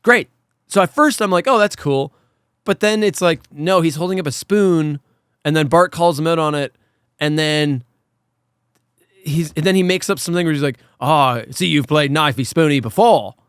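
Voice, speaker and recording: A man hosting a casual podcast chat who talks in an animated, ranting, profane way. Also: fairly high pitch, normal speed, pauses often, clear, resonant tone, dry recording, clean studio sound. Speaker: podcast host.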